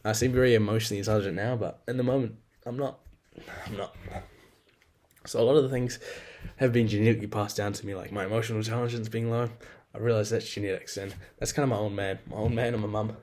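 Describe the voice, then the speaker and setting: Rambling young man with a lowish voice. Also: steady tone, fast, a little mellow. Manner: rambling, swears a lot, frank and self-deprecating. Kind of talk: casual personal monologue.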